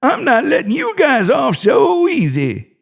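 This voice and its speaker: A man voicing an elderly security guard possessed by an ancient evil, talking with a childlike, cackling excitement. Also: extremely high pitch, unhurried, creaky, pitched above the performer's own voice, full character voice. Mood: taunting. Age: older. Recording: dry close-mic narration.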